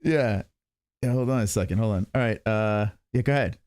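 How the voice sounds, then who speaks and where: A man in his forties hosting a live stream, rambling casually with heavy swearing and heartfelt pauses. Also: lowish voice, noisy background. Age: 40s. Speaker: stream host.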